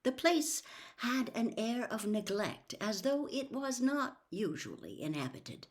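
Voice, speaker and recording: A woman reading a novel aloud in a slow, deliberate storytelling manner. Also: on the high side, sing-song. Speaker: narrator. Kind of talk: audiobook reading.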